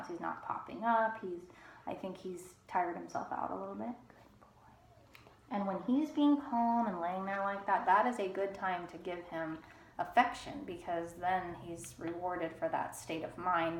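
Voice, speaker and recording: A woman with a fairly low voice talks through a dog training lesson, calm and unhurried. Her manner is gentle and soft-spoken. The room is echoey, with a faint hum of ambient noise behind her. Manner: calm, soft-spoken, drops to whispers when praising the dog. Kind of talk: casual instructional talk while training a dog.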